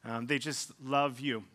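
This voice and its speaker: A man's voice: mid-range voice, sharp tone. A pastor in his thirties preaching a sermon, telling stories in a casual, self-deprecating way with plenty of ums and likes. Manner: conversational storytelling with self-deprecating humor; casual fillers like um and like.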